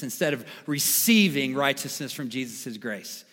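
A man preaching a sermon as pastor, emphatic, repeating key phrases and swinging between quiet and loud. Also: mid-range voice, unhurried. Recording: long reverb of a large hall.

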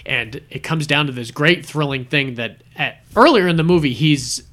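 A man co-hosting a casual movie podcast, retelling film scenes with lively acted-out bits. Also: a little high, moderate pace. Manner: animated storyteller acting out scenes. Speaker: podcast co-host.

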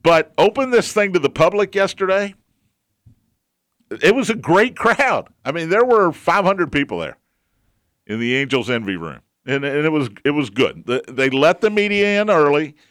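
Sports radio host, male, somewhat high voice, dry close sound, opinionated and repetitive. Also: big pitch swings, moderate pace, fairly bright tone, no echo. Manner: chatty, opinionated, repeats points for emphasis. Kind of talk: sports talk commentary.

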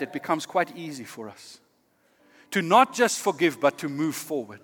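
Man, pastor, sermon, earnest and measured, slightly higher voice, long hall reverb. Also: animated, soft background music. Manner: earnest, measured, drops to quiet emphasis.

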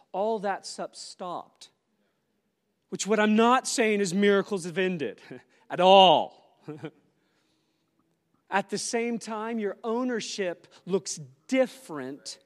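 A man with a notably high voice delivers a sermon at a church conference, swinging between loud, animated exclamations and quiet, reflective asides. His voice rings out through a large church auditorium, trailing a long reverb tail. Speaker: conference speaker.

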